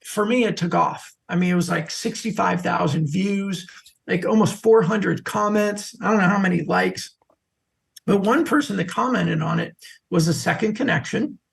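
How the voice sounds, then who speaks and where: A middle-aged man, a social selling expert, telling lively stories as a podcast guest. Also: sits high, normal speed, vocal fry. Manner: animated anecdotal storyteller. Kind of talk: podcast interview storytelling.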